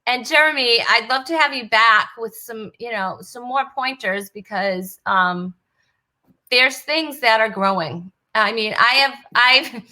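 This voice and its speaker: Woman hosting a talk show, bright tone, slightly high voice, chatty, laughs often, many fillers. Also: measured pace, rough recording. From New England. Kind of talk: casual chat.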